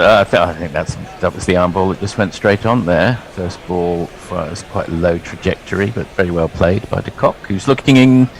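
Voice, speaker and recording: A man calling ball-by-ball cricket commentary in a lively, chuckling way, bringing in his co-hosts. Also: sits low, poor audio.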